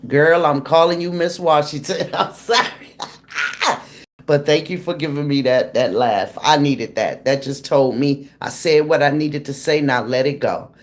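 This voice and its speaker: Slow-talking blunt woman livestream host. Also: deep voice, slight background noise. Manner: blunt, confrontational, slangy. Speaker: true crime livestream host. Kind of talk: casual livestream chat, greeting viewers.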